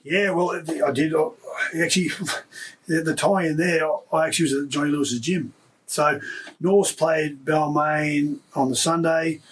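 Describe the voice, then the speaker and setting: A man in his fifties, a former rugby league player, telling stories in an interview with emotional, animated delivery and frequent restarts. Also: on the high side, unhurried, far from the mic, slight background noise, poor audio. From Australia. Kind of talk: casual storytelling interview.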